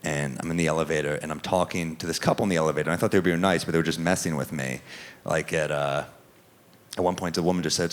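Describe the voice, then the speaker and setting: A man performing a stand-up comedy set in a club, with a wry, deadpan delivery and quoted asides. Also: low voice, quick pace, slight background noise. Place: comedy club stage with laughing audience. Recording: live club recording with audible crowd.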